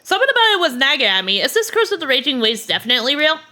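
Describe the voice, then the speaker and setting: A woman's voice: sits high, sing-song, very fast, sharp tone, pitched above the performer's own voice, exaggerated voice. A woman voicing an earnest, protective young heroine while reading game dialogue aloud.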